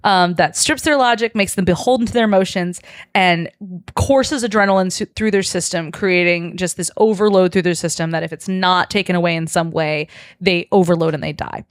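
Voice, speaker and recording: A woman's voice: lowish voice, brisk, dry recording, studio quality, natural voice. A woman quoting a blunt, worried ship doctor who explains things with mild swearing.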